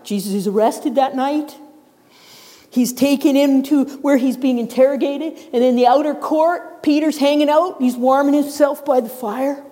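A middle-aged woman preaching a sermon in a church, telling the story in a lively way and acting out the characters' voices. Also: high-pitched, normal speed. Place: church sanctuary. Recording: long reverb of a large hall.

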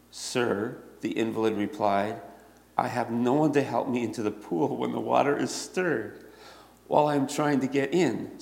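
A man preaching a sermon in a conversational way that builds to animated emphasis, heard in a church hall. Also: medium pitch, gravelly. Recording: echoey hall, long reverb.

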